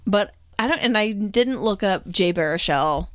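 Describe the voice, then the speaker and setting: A woman co-hosting a podcast, giving candid opinions in a measured way. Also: mid-range voice, lively intonation, fairly bright tone, no echo. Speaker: podcast co-host. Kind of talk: casual chat.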